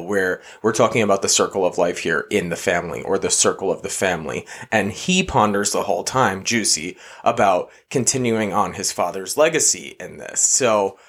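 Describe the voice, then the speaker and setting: A man co-hosting a podcast, talking about a play in a measured, reflective way and posing questions to listeners. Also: lowish voice, fairly bright tone. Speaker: podcast co-host. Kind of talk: casual theater review chat.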